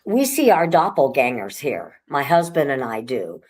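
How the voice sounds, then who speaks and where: A woman who owns a haunted house, chatting casually in a relaxed, rambling way with frequent restarts. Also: very deep voice, normal speed. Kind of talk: casual conversation.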